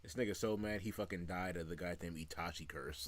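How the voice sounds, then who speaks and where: Low-voiced man, crude laughing commentary. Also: big pitch swings, brisk, hardly any pauses, a little hiss or hum. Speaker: game streamer. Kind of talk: let's play reaction commentary.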